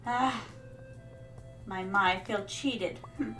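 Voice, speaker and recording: A woman's voice: a little high, moderate pace, faint music behind. A young woman streaming a game in casual, rambling chat, playing a playful royal persona who calls her viewers her darlings. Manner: rambling, many fillers.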